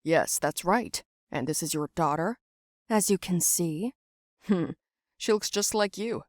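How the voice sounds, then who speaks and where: Brief: woman voicing a dismissive middle-aged dad in an animated story, slightly lower and slower. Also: no room sound, studio quality. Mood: smug. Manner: smug, dismissive.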